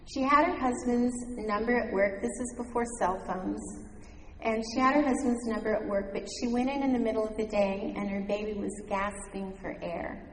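A woman with a somewhat high voice tells a story in sermon style, earnest and slowing down on the key words. She is recorded in a large, echoey hall with a long reverb tail and faint room ambience behind her. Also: a little mellow, a little hiss or hum. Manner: earnest storyteller, slows for emphasis. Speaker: speaker at a church gathering.

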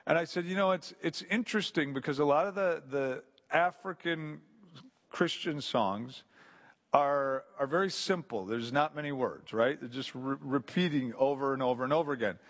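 A man's voice: on the high side, moderate pace, a bit bright. A man giving an informal sermon to a group, conversational and story-driven, with frequent restarts and asides. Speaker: pastor or Bible teacher.

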